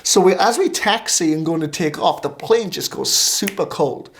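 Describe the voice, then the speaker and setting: A male minister, a guest on a talk show, tells a story with lively energy and acts out the voices of the people in it. His voice sits a little high for a man. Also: moderate pace, creaky, a little hiss or hum. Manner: animated, acting out quoted dialogue.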